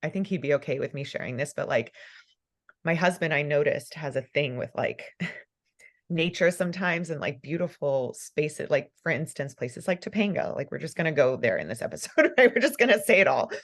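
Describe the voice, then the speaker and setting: A woman's voice: low-pitched, lively intonation, moderate pace. A woman hosting a podcast interview, talking in an emotional, fervent way and laughing often. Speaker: podcast host. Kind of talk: casual conversational interview.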